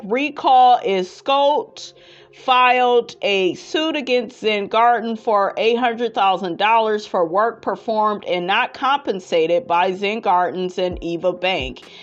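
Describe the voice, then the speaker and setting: A woman with a medium-pitched voice hosts a reality TV gossip commentary, reading out viewer comments with sass and calling everyone honey. She tends to break into laughing fits, and the audio sounds dull.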